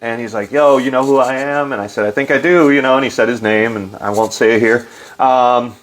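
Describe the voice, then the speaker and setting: A middle-aged man with an animated storytelling manner, loose and full of fillers, acting out quotes in a livelier voice. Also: medium pitch, fairly quick. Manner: loose, filler-heavy delivery. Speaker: interview guest. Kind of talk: casual storytelling.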